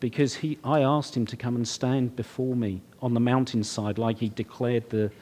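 A man's voice: medium pitch, fairly even intonation, normal speed, warm tone. A middle-aged man preaching, telling his own story in an earnest, conversational way. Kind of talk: sermon testimony.

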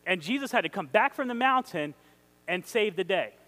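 A male preacher giving an excitable, emphatic sermon, reading scripture aloud and asking his listeners questions. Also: sits high, moderate pace, rough recording.

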